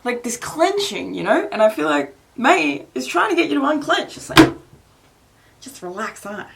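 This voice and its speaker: Chatty, swearing Australian-born tarot reader. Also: female voice, high-pitched, sing-song, normal speed, gravelly, very noisy. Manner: rambling, swears freely, laughs often, many "like" fillers. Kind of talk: casual tarot reading.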